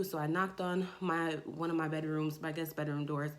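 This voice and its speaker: A young woman chats to her camera, telling a long personal story in a loose, lively way. Her voice sits a little low for a woman, but it jumps much higher whenever she quotes herself or her friends. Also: normal speed. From Jamaica. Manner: animated, acts out quoted friends in a raised voice. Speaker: vlogger.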